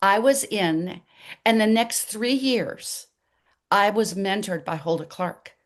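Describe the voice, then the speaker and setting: An older woman as an interview guest, telling her story in an animated way and acting out the dialogue. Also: mid-range voice, takes it slowly.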